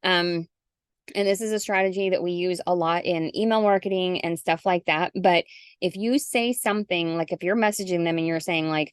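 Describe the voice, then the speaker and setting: Brief: middle-aged woman sales coach, chatty and animated, dry close video-call mic. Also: fairly low pitch, normal speed, smooth, dry recording. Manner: chatty, animated, acts out sample messages. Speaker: guest coach. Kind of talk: casual zoom call.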